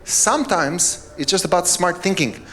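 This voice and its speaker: A middle-aged man from Albania, a mayor giving a conference keynote, telling jokes and stories in a relaxed, self-deprecating way. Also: high voice, normal speed, a little hiss or hum. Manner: joking, storytelling, self-deprecating.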